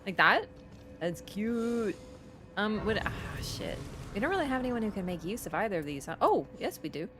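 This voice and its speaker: A woman streamer chatting casually while she plays, rambling with lots of fillers and quick laughs. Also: mid-range voice, sing-song, a bit bright. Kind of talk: casual live-stream chat while gaming.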